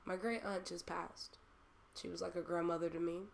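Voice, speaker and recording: Young woman, host, low-pitched, heartfelt, rambling, lots of fillers. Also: level tone, normal speed, vocal fry, slight background noise. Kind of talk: personal monologue.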